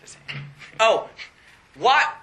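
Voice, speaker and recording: A young man preaching a sermon in an animated way, laughing often and rising to excited highs. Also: takes it slowly.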